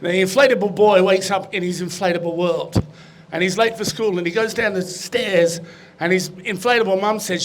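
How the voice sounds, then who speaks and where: A man with a fairly high voice tells a long joke on stage, rambling a little and restarting as he goes. His telling is casual and chatty. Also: brisk, a little hiss or hum. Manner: loose storytelling with restarts. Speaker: guest comedian.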